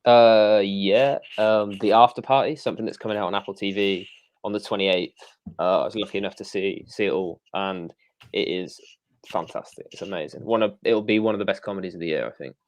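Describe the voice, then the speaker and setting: Man, deep voice, guest film reviewer, dry close sound. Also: fairly even intonation, fairly quick, no echo. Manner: enthusiastic with frequent ums and uhs. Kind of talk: casual chat.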